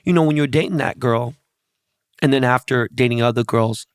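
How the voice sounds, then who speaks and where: A man's voice: mid-range voice, moderate pace, smooth, dry recording, studio quality. A man hosting a podcast, telling stories bluntly and with a lot of swearing, often speaking straight to his audience. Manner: profane, blunt storytelling. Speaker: podcast host. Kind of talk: casual podcast conversation.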